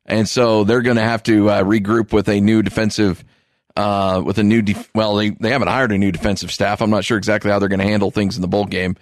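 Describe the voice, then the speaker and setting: A man's voice: lowish voice, level tone, a little fast, dry recording, clean studio sound. A man co-hosting a sports podcast in an amused, conversational way, leading into the next topic. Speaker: co-host.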